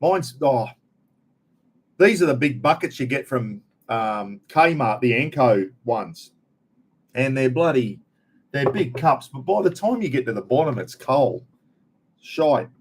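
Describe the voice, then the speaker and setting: Chatty Australian bloke rambling to viewers. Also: male voice, medium pitch, lively intonation, takes it slowly, slightly rough. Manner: rambling, blokey, slangy, chats straight to viewers. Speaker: live stream host. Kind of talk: casual chat to viewers.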